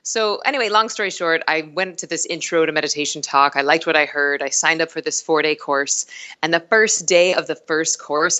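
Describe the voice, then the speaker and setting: A woman in her thirties, a meditation teacher telling her story as a guest in a casual podcast chat, animated and laughing often. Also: low voice, smooth. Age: 30s.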